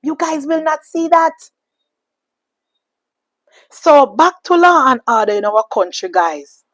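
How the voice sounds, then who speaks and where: A woman's voice: high voice, very animated, slow pace, no echo, low-quality recording. A woman with a Jamaican accent giving an impassioned political monologue, emphatic and repetitive with a preachy ring. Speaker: political commentator.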